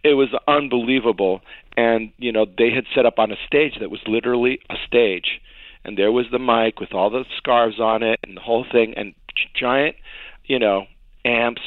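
A man recounts stories as an interview guest, acting out what others said and laughing along the way. His voice is of middle pitch, and it comes through thin and phone-like. The sound is dry and close. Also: normal speed, no room sound. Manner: animated storyteller, acts out quotes, laughs often. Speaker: songwriter guest. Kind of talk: storytelling interview.

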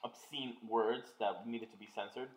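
A young man hosting a podcast, chatting loosely with friends, crude and quick to laugh. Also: mid-range voice, steady tone, reverberant, poor audio. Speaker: podcast host. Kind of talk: casual chat.

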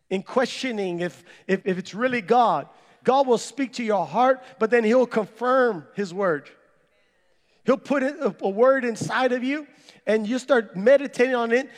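A man delivers a sermon in a high, lifted voice, turning his testimony into a lively retelling. His words carry a long reverb, like a church sanctuary. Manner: animated storyteller, reenacts his own words. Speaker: preacher. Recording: echoey hall with long reverb.

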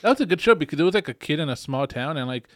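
A young man talks quickly and loosely, his story full of fillers. He sits close to a dry mic in a casual chat with friends. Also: fairly high pitch, animated, dry recording. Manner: fast, rambling, full of fillers.

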